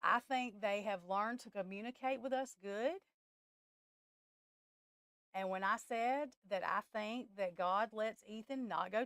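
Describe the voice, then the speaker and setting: A woman's voice: medium pitch, fairly bright tone, clear, resonant tone, dry recording, studio quality. Woman, rambling live-stream chat. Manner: emotional, rambling, blunt. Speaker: tarot reader hosting a live stream.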